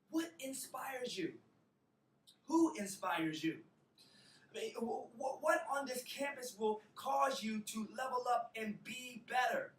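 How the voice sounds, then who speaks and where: In a university auditorium, a young man from Alabama with a Southern accent gives university students a motivational talk, using a preacher-like cadence and emphatic repetitions. His high voice is pushed and bright. The recording catches him from a distance in a roomy hall, with slight background noise.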